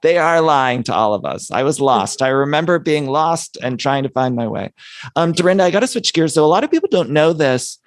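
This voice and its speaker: A man's voice: a little high, big pitch swings, a little fast, no room sound. Chatty young man hosting, dry sound. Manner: eager, chatty questions. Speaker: podcast host. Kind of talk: casual podcast interview.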